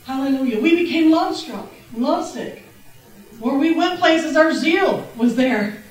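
A middle-aged woman preaching a testimony sermon in a church, exuberant and laughing, breaking into shouts of praise. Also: high-pitched, lively intonation, unhurried. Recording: very echoey church, distant mic.

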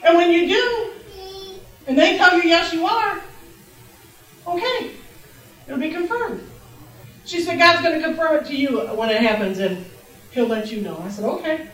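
A middle-aged woman preaching a lively testimony in a church, laughing and calling out praises. Her voice is high and bright. She sounds far from the mic, and a long, heavy echo fills the room. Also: moderate pace, pauses often. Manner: exuberant, laughing, shouting praises. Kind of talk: testimony sermon. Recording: very echoey church, distant mic.

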